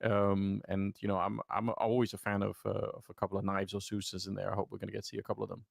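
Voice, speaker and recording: A man's voice: on the low side, monotone, fast talker, vocal fry, no echo, studio quality. A man giving casual esports panel commentary, enthusiastic and restarting his sentences. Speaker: esports analyst.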